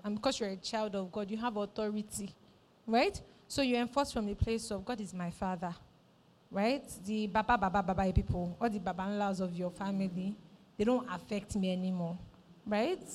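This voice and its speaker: A woman's voice: mid-range voice, darkish tone, slight background noise. A woman pastor, preaching a sermon in church and repeating her phrases for emphasis, often asking "right?".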